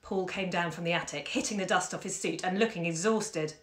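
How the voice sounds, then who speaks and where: A woman hosting a live-streamed story reading from home, chatty and expressive with fillers. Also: fairly low pitch, a little fast. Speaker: bookshop owner and host. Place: home during lockdown. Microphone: phone camera. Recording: echoey room.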